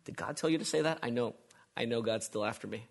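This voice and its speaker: A man's voice: mid-range voice, quick pace, vocal fry, voice pushed down. A man voicing a stubborn, sulking prophet who grumbles his complaints. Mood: grumbling.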